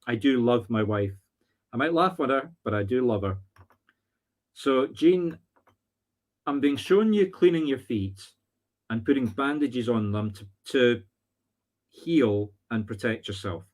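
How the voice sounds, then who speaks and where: Scottish man, spiritual medium, live-streamed readings, thinks aloud, jokey asides, mid-pitched voice. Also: expressive, measured pace, long pauses, a little mellow. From Scotland.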